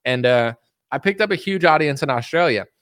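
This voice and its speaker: A man's voice: on the high side, animated, a little fast, fairly bright tone, no room sound, clean studio sound. Joking rambling American man. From United States. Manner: rambling, joking, reads viewer comments aloud. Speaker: online commentator answering viewer questions. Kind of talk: casual livestream chat.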